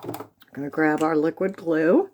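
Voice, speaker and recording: Woman, slightly low voice, casual craft tutorial, chatty step-by-step. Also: normal speed, a little mellow, a little hiss or hum. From United States. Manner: chatty, friendly step-by-step instruction with fillers. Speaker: stamping demonstrator.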